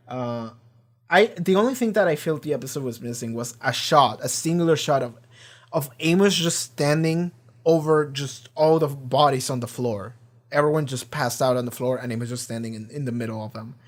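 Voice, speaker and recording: A man hosting a reaction channel, retelling an episode in a rambling, profane and excited way, full of fillers. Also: mid-range voice, moderate pace. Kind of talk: casual episode recap and discussion.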